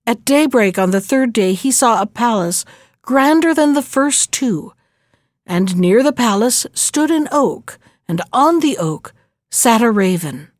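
Slow, dry-voiced woman storyteller. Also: fairly high pitch, darkish tone, no echo. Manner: slow, measured fairy-tale narration. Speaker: narrator. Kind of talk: storybook reading.

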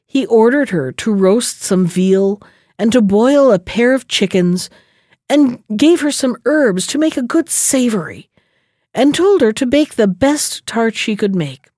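Lively, expressive woman reading a story. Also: a little high, measured pace, no echo, studio quality. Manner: expressive read-aloud. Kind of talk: storybook narration.

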